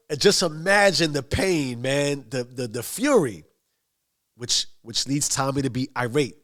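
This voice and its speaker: A man's voice: mid-range voice, animated, unhurried, fairly bright tone. A man giving a motivational monologue, emphatic and given to long lists. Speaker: motivational speaker.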